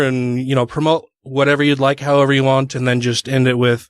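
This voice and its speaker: A man's voice: mid-range voice, flat delivery, moderate pace, clean tone, no echo. A man hosting a podcast, friendly and upbeat, laughing often in casual chat. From Utah. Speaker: podcast host.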